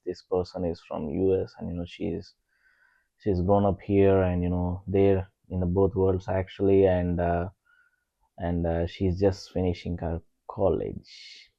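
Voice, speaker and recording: A man's voice: low-pitched, level tone, measured pace, creaky, no echo, dull audio. A young man with an Indian accent chatting casually as a podcast co-host, hesitant with many fillers and self-deprecating. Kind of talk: casual conversation.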